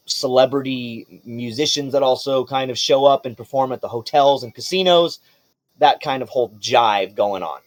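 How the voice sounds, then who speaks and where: A man narrates a tabletop game as game master, telling the story in a casual, vivid way. His voice sits at a middle pitch and sounds close and dry. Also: no room sound.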